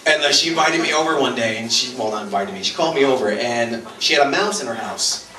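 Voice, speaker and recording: Male stand-up comic with a lively pitch and a deadpan delivery, recorded in a roomy club from a distance. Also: fast. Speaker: stand-up comedian. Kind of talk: stand-up routine. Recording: echoey club room, mic heard from a distance. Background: audience laughing.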